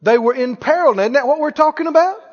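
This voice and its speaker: High-pitched animated preacher man. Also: fast. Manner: animated, asks the congregation questions and acts out scenes. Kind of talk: sermon. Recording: reverberant church hall, dull lo-fi sound.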